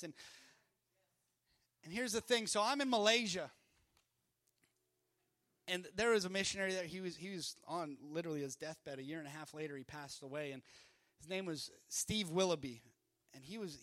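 Man, from Canada, preacher, sermon, high voice, impassioned, loud then hushed. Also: no echo, studio quality. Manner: impassioned, swings from loud declarations to hushed storytelling. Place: church service.

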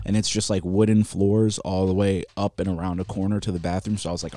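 A man's voice: sits low, level tone, fast talker, dark tone, no room sound. A man co-hosting a podcast, telling a rambling story while laughing a lot and swearing. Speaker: podcast co-host. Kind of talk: casual chat.

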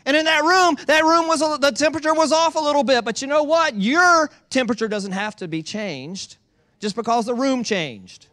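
High, bright-voiced preaching man. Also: normal speed. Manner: emphatic, repetitive preaching with rhetorical questions. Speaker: pastor. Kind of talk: sermon. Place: church in Georgia.

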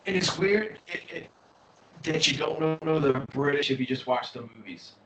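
A man hosting a podcast, chatting casually in a relaxed way and often repeating words as he starts a thought. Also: a little high, moderate pace, muffled recording. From United States. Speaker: podcast host. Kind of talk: casual chat. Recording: roomy sound, distant from mic, faint noise.

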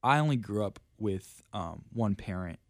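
A man's voice: fairly low pitch, lively intonation, normal speed, no echo, clean studio sound. A young man, a traveling preacher, telling his story earnestly and casually on a faith podcast, full of "like" and "literally".

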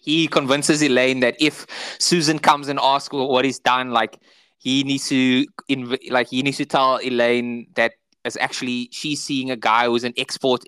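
A South African man co-hosting a podcast, casually retelling sitcom scenes and jumping into high, squeaky imitations of the characters. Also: fairly even intonation, normal speed, fairly bright tone, no echo. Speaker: podcast co-host. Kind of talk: casual chat.

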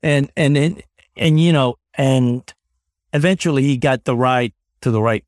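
A man's voice: medium pitch, unhurried, a little mellow, no echo, studio quality. Rambling man telling a story. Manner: rambling, many restarts, swears freely. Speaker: podcast co-host. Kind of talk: casual storytelling chat.

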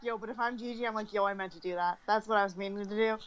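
A woman's voice: mid-range voice, steady tone, rapid-fire, muffled recording, slight background noise. A woman co-hosting a podcast, calling plays live and joking dryly while anxious. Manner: play-by-play calls, dry jokes, anxious. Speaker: podcast co-host. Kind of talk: live reaction commentary.

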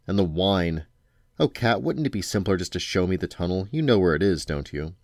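A man's voice: low voice, animated, brisk, dry recording, studio quality. A man voicing a fierce, insistent woman pleading for answers in a storybook. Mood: urgent pleading. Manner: urgent and insistent. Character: fierce, eager grown woman pleading with a cat. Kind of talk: storybook read-aloud.

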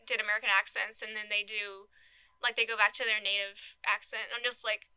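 A young woman co-hosting a casual film podcast, animated and giggly, with lots of "like" and "um". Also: mid-range voice, fairly quick, clean tone, dry recording, low-quality recording. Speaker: podcast co-host. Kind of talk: casual film discussion chat.

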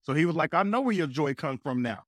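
A man guesting on a podcast, telling a personal faith story with an energetic, preacher-like delivery. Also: a little high, fast talker, no echo, studio quality. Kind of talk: casual faith talk.

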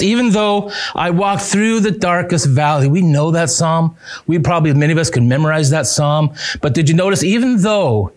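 Man preaching a sermon, high voice, emphatic, repeats key phrases. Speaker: pastor.

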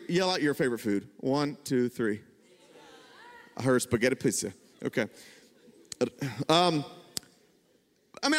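In a church sanctuary, a young adult male pastor tells funny stories about himself during his sermon, his voice swinging with lively energy. He's animated and self-deprecating, jumping in pitch when excited, and the room adds long hall reverb.

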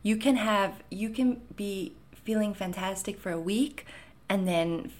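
A woman's voice: mid-range voice, unhurried, a little mellow. A woman in her thirties from South Africa, with a South African accent blended with Canadian, talking casually and reassuringly as she answers viewer questions. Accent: South African mixed with Canadian. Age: 30s. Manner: reassuring, chatty, frequent fillers. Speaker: anxiety content creator. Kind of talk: casual Q&A monologue.

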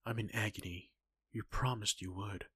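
A man voicing a pleading, eager young woman in a fan-fiction reading, with a husky, breathy voice. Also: fairly low pitch, fairly even intonation, normal speed, bright, forceful tone.

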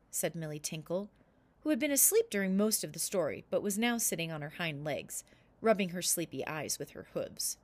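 A woman reading a children's story aloud with expressive narration. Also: fairly low pitch, normal speed, dry recording.

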